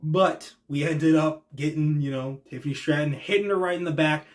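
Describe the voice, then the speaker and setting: Male show host, slightly high voice, casual reaction talk, excitable and slangy, drops quiet then gets loud. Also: normal speed. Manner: excitable and slangy, swings between hushed and loud.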